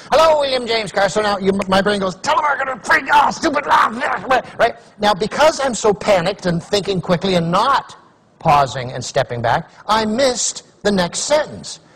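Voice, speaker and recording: A man's voice: high-pitched, slightly rough. A middle-aged man from Canada giving a humorous keynote talk, telling stories and acting out the voices of other people. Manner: animated storytelling, acts out voices. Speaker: motivational speaker.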